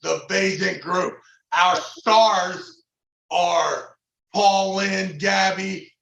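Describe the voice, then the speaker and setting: A man hosts a casual talk show, throwing in hype-man exclamations and stretching out his emphatic lines. His voice sits high and bright, with a gravelly edge, and it rings in a roomy, echoey space. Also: fairly even intonation, very slow. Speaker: podcast host. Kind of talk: casual chat about arm wrestling.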